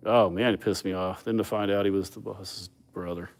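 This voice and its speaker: Man hosting a loose live chat; deep voice, foul-mouthed, chuckling storyteller. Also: fairly even intonation, a little fast. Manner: profane, laid-back, laughs often. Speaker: livestream host. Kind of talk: casual chat, rambling storytelling.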